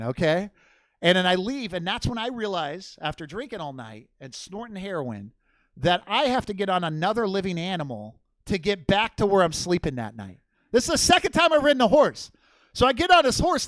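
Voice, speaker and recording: A man's voice: high voice, fairly bright tone, dry recording. A man telling a rambling, profane story as a stand-up comedian on a comedy theater stage.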